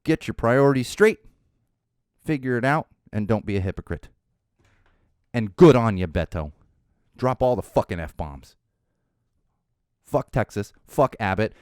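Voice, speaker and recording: A man hosting a podcast, giving opinionated political commentary in an animated, ranting way and swearing freely. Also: lowish voice, unhurried, pauses often, clear, resonant tone, dry recording, clean studio sound. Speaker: podcast host.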